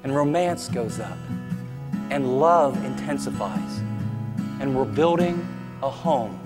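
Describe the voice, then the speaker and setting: A man's voice: mid-range voice, lively intonation, slow pace, big-room sound, loud music behind the voice. A man preaching a sermon as pastor, emphatic and with humorous asides.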